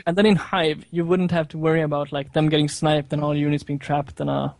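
A man in a casual gaming chat, talking haltingly with many fillers and restarts. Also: on the high side, level tone, creaky, a little mellow, no echo.

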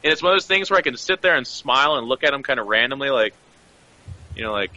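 A man telling animated, joking stories in casual panel banter. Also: mid-range voice, fast talker, lo-fi sound. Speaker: esports player on a panel.

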